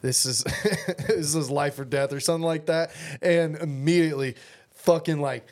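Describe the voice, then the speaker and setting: Male co-host, slightly high voice, swears constantly, laughs easily. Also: moderate pace. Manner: profane, enthusiastic, laughs often. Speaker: podcast co-host. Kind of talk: casual movie chat.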